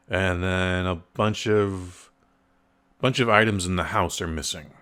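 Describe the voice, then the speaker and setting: A man's voice: sits low, fairly bright tone. A man hosting a podcast, giving a casual, blunt and profane spoken movie review, rambling through the plot with fillers. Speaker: film reviewer, podcast host.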